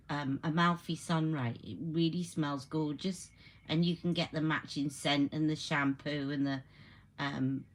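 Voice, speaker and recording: Female live-stream host, low-ish voice, loose conversational product chat. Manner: chatty, reacts to viewer comments mid-sentence.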